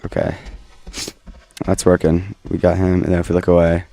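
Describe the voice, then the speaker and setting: A man's voice: sits low, monotone, normal speed, creaky, mellow. A man casually talking through his game code, joking and swearing as he debugs. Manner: casual, swears, jokey asides. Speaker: game developer. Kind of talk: casual commentary while coding.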